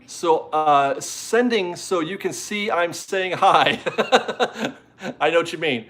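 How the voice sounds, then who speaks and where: A man's voice: a little high, animated, slow pace, a bit bright. This is a chatty, rambling man hosting a casual live stream from home. He reads out viewer messages and is easily amused.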